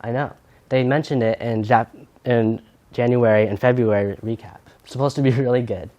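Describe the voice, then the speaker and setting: A man's voice: medium pitch, fairly even intonation, moderate pace, mellow, lo-fi sound. Friendly teen boy anchoring school news. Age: teenager. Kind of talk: scripted school news reading.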